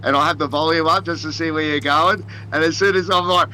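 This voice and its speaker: A man's voice: a little high, fairly even intonation, a little fast, sharp tone, a little hiss or hum, low-quality recording. Blunt, foul-mouthed Australian man. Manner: blunt, swears constantly, rambling. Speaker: co-host. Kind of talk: casual chat.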